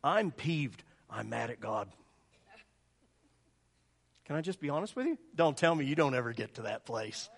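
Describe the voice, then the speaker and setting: A middle-aged man preaching a sermon, telling a story with lively, animated delivery and jumping up high when he acts out voices. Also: normal speed, vocal fry, long pauses. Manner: animated storytelling, acting out voices in a much higher pitch.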